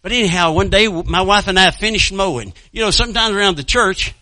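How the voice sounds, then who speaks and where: A man's voice: high-pitched, fast talker, bright, forceful tone, no room sound. A male pastor preaching a sermon and telling a personal story in a folksy way, calling out to his congregation and chuckling between lines.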